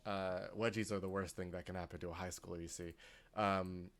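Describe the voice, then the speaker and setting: A game master narrating a tabletop role-playing game, halting and full of fillers. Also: low-pitched, steady tone.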